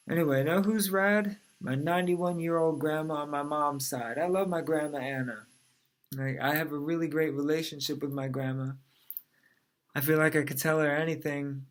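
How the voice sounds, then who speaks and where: A man in his thirties from New Orleans, telling stand-up jokes in a dry, conversational way. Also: fairly high pitch. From New Orleans, USA. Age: 30s. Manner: dry, conversational joke delivery. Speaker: comedian. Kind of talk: stand-up set.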